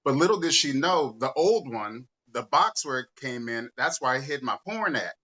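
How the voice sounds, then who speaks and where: A man from the San Diego area, telling an animated story in a casual chat and laughing as he goes. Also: mid-range voice, normal speed, husky, dull audio. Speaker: co-host and drag performer. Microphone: video call.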